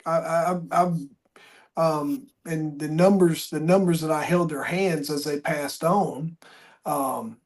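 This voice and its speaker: A middle-aged man hosting a podcast and telling stories with animation, raising his voice to act out what people said. His voice sits a little high for a man. He talks in restarts and hesitations as he goes. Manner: animated storyteller, acts out quotes loudly, many restarts. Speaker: podcast host. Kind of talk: conversational interview, storytelling.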